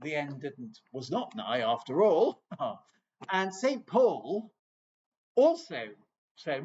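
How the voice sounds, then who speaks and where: A man's voice: on the high side, big pitch swings, slow, darkish tone, slightly rough, muffled recording. A man from England giving an informal lecture on scripture, chatty and digressive with wry asides.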